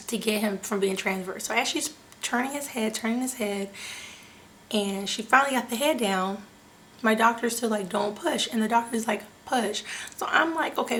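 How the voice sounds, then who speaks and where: A young woman vlogger telling a personal story to her viewers in an animated, chatty way, often saying "like" and "you guys.". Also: medium pitch, slight background noise. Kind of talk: casual storytelling to camera.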